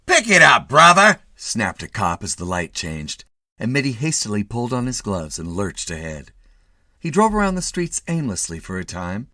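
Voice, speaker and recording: A man narrating a classic short story with an expressive, animated reading. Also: fairly low pitch, normal speed, dry recording, clean studio sound. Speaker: story reader.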